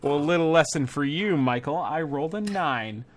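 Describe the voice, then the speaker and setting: A man's voice: on the high side, expressive, moderate pace, heavy background noise. A man playing a tabletop game, joking and laughing between his turns. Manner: playful, joking, laughs often. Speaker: player.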